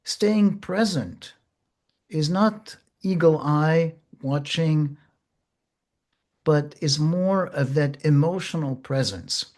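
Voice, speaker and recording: A man teaches therapy in an unhurried, thoughtful way. His voice sits a little higher than most men's, and he takes his time, easing in fillers and pauses as he goes. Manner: slow, gentle, measured with pauses and fillers. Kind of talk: reflective teaching talk.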